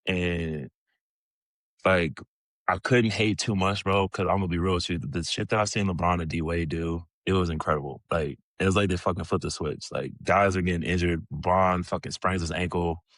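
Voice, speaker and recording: Brief: low-pitched man in his 30s, loose swearing storyteller, dry close sound. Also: moderate pace, no room sound. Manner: profane, animated storyteller, many "bro" and "like" fillers. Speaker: podcast guest, former pro basketball player. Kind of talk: casual storytelling.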